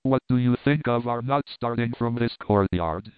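A man's voice: medium pitch, normal speed, clean tone, no echo, close to an everyday voice. A man voicing a frantic, tearful middle-aged woman companion who pleads in an agitated, breathless way. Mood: distraught. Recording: dry, phone-like narrow sound.

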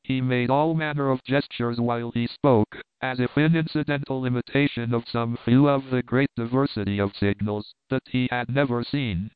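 A man narrating an audiobook in an even, measured reading. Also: mid-range voice, smooth, no echo. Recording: tinny phone-like dry recording.

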